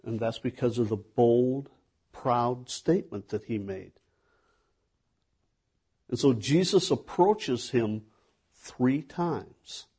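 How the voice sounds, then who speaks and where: A man's voice: mid-range voice, takes it slowly, long pauses, dark tone, breathy edge. A man preaching a sermon in a conversational way, asking the listeners questions. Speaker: pastor.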